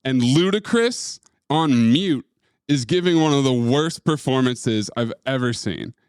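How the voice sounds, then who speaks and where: A man talking casually on a podcast in a smooth, resonant voice, tossing off wry remarks. The sound is close and dry, with no room echo. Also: mid-range voice, lively intonation, measured pace, darkish tone. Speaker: podcast co-host. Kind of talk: casual chat.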